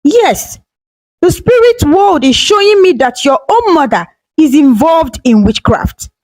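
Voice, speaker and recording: A woman's voice: high voice, very animated, measured pace, a little mellow, no echo, low-quality recording. A woman voicing a confident middle-aged male prophet who speaks with grave authority. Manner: grave, commanding pronouncements.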